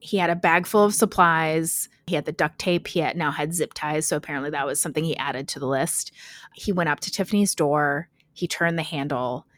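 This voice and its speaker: A woman's voice: sits low, brisk, a bit bright, dry recording. A woman hosting a podcast, casually telling a true crime story with frequent fillers and laughs. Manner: chatty, laughs often, lots of "like" fillers.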